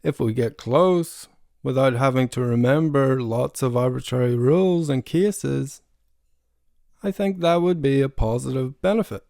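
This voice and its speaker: Man, pronunciation lesson, repeats sounds to demonstrate, dark voice, dry close sound. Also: medium pitch, unhurried, creaky, dry recording. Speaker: language learner teaching pronunciation.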